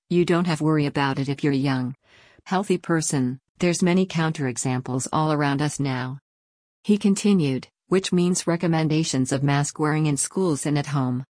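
A woman reading a news article aloud in an even, measured way. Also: deep voice, no echo, clean studio sound. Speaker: article reader.

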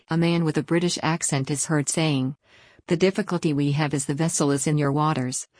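A woman reading out a written news article in an even, measured delivery. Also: deep voice, no room sound, studio quality. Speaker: news reader.

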